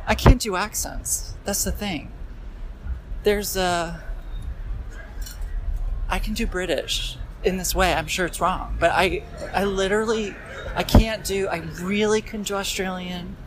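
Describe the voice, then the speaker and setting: A man strolls down a city sidewalk and talks into his phone in an unhurried, meandering monologue. He keeps circling back with fillers and self-deprecating asides. Clear street noise runs under his voice. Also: high-pitched, steady tone, a loud crowd. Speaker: podcast host walking and talking. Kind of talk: rambling walk-and-talk monologue. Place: outdoors on a busy city street, walking. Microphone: phone held while walking.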